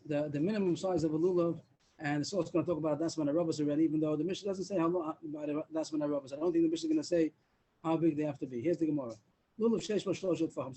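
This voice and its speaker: A man's voice: fairly high pitch, warm tone, slightly rough, rough recording. A man teaching a daily Talmud class over a video call, explaining step by step and mixing in Hebrew and Aramaic terms.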